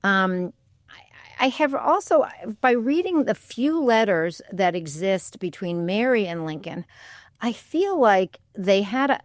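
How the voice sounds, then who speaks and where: A woman's voice: medium pitch, sing-song, measured pace, no room sound. A woman historian answers interview questions in a thoughtful, candid way, weighing each opinion aloud and admitting what she doesn't know. Her voice sits mid-range for a woman and is captured close on a studio microphone with a dry, dead sound. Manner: thoughtful, candid, hedging with "I think". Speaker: historian and author as guest. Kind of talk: public radio interview. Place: radio studio.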